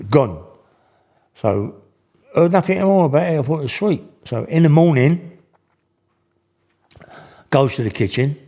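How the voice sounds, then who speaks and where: A man's voice: on the low side, mellow. An older man, telling stories in casual, slangy speech with many restarts. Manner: rambling, slangy, full of restarts. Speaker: guest. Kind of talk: casual storytelling.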